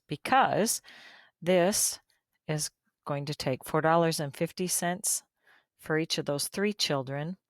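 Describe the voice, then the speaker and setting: Middle-aged woman, low pitch, folksy math teacher recording a lesson, friendly asides. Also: dry recording, studio quality. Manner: chatty, folksy, joking asides.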